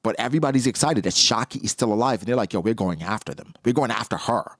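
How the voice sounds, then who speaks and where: A man hosting a manga reaction show in casual commentary, talking in an animated, slangy way. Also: fast, no room sound, studio quality. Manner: animated, slangy, jumps into high-pitched character impressions.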